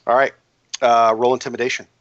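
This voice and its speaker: A man running a tabletop game, narrating in a bright, forceful voice and stumbling over fillers and restarts. The sound is dry and close, and the recording is dull and lo-fi. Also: medium pitch, little pitch movement, dry recording. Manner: halting, full of fillers and restarts. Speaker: game master.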